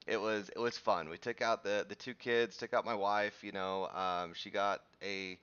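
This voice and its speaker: A man's voice: lowish voice, fairly even intonation, moderate pace, a bit bright, clear, resonant tone, dull audio. A man in his thirties hosting a live crypto chart show, chatting casually with viewers and teaching in a rambling way with many restarts.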